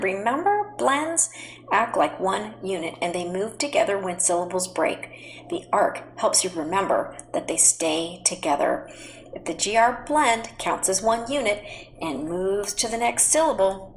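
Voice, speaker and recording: A woman teaching a phonics lesson to children at home, speaking slowly and patiently and spelling words out letter by letter. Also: medium pitch, slight background noise, low-quality recording. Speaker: reading teacher.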